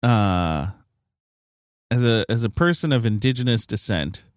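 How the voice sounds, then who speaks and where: A man's voice: lowish voice, animated, a little slow, no room sound, clean studio sound. A man co-hosting a podcast in casual chat, rambling and hedging a lot, with some swearing. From United States. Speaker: podcast co-host.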